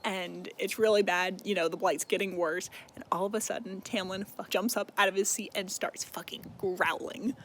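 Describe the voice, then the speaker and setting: A man's voice: high-pitched, fairly bright tone, slight background noise. Sweary, rambling young man recapping a book. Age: young adult. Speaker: book video host.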